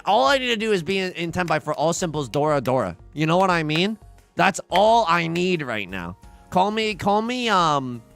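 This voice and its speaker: A young man with a high, creaky, slightly bright voice streams a tile game. He jokes around playfully and chats casually with his viewers as he plays.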